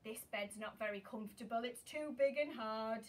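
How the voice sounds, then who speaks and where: A curious little girl, voiced by a woman, muses aloud in a lowered storybook voice. She sounds fussy about comfort. The mic sits at a distance. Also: moderate pace, natural voice. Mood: musing.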